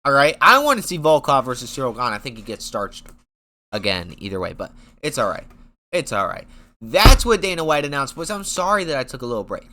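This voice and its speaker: A man's voice: medium pitch, big pitch swings, fast, pushed and bright. A young man chatting casually about upcoming MMA fights in a hyped, profane, rambling way. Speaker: MMA commentary YouTuber. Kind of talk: casual fight-talk vlog.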